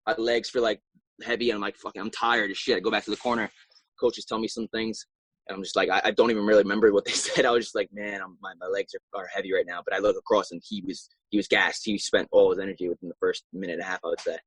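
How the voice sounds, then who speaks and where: A young man and professional fighter telling his story in a casual interview, animated and acting out his own past reactions. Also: lowish voice, fast, breathy edge, dry recording, poor audio.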